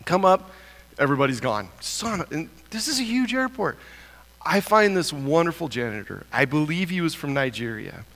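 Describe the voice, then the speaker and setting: A man giving an animated church talk, telling a self-mocking story and climbing higher in pitch when excited. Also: normal speed, long reverb tail. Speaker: church speaker.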